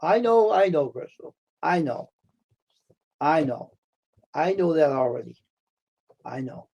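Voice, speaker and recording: An American man hosts a casual live stream and chats directly with viewers who type in. His voice sits a touch high for a man. He circles back over the same words, turns heated, then eases people down with reassurance. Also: animated, slow pace, vocal fry, a little mellow, husky. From United States. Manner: talks back to chat, repeats himself, heated then soothing.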